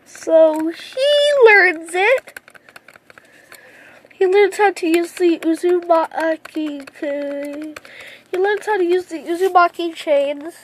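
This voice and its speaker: A woman's voice: extremely high pitch, fairly even intonation, slow. A woman making up a fan story as she goes, rambling and repeating herself. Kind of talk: improvised fan story retelling.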